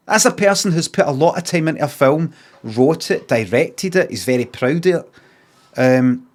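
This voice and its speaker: A Scottish man streaming, telling a story in a casual, sweary rant and acting out both sides of an argument in quick asides. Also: mid-range voice.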